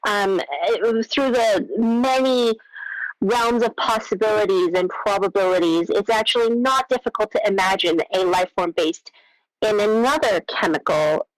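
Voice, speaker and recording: A woman playing an earnest scientist calling a radio show, explaining in a halting, academic way full of ums, in an improvised comedy. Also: mid-range voice, dry recording, close to an everyday voice, low-quality recording. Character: earnest female scientist caller.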